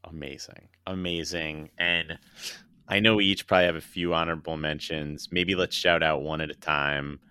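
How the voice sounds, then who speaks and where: Brief: very deep male podcast host, crisp and bright, leads the talk. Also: fairly even intonation, moderate pace, no room sound. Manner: leads the segment, recaps and asks the others in turn. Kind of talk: casual chat.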